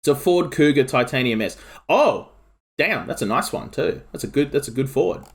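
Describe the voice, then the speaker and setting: An Australian man streaming a game and chatting casually, rambling excitably with lots of filler words. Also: mid-range voice, normal speed, creaky. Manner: rambling, excitable, heavy use of "like". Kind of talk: casual chat while streaming.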